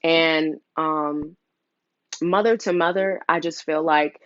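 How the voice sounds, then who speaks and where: A woman's voice: deep voice, fairly even intonation, slow, smooth, no room sound, lo-fi sound. A young woman in an earnest personal vlog, telling a custody story and getting emotional as she talks, with many fillers. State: emotional, near tears. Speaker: mother sharing a custody story.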